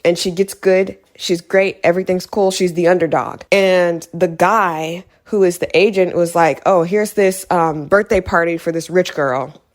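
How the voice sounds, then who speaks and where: Woman, somewhat low voice, heated casual rant, repeats herself for emphasis. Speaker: video creator. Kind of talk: casual movie recap rant.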